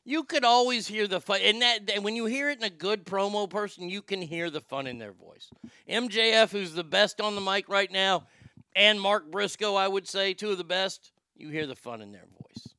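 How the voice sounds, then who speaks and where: A man's voice: high voice, animated, moderate pace, pushed and bright, clear, resonant tone, no echo, clean studio sound. A man hosting a show with sarcastic, profane ranting commentary and frequent stammered restarts. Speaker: podcast host.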